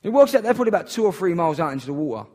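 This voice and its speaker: A man's voice: high-pitched, very animated, very fast, darkish tone. A man preaching a sermon in an earnest, emphatic way, repeating key phrases for weight.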